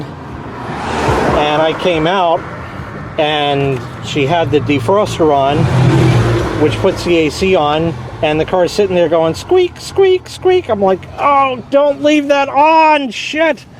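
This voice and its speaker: A man with a rather high voice talks casually and wryly, rambling with the odd mild curse. He is outdoors next to a parked car, filming himself. Faint outdoor hum sits behind him. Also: measured pace. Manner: rambling, wry, swears lightly. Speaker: car owner vlogging a repair. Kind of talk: casual vlog.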